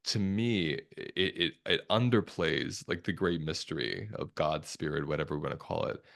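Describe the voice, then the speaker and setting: A man, a somatic therapist, talking as a guest in a podcast interview in a calm, reflective, measured way. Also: a bass voice, gravelly. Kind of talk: conversational interview talk.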